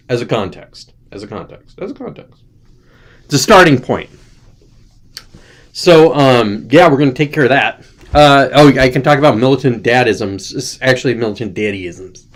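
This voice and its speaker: Rambling, jokey male host. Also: mid-range voice. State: tired. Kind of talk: casual chat.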